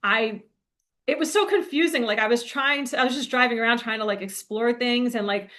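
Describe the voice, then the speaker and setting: A woman's voice: fairly high pitch, fairly quick, a bit bright. A young woman telling a rambling, laughing story in a casual monologue, full of fillers. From New Jersey. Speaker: spiritual coach.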